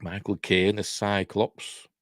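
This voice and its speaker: Speaking slowly and in a monotone at a fairly low pitch, an older man from Yorkshire hosts a live news stream and muses casually. His wry asides tend to trail off, and the recording is dry with clean studio sound.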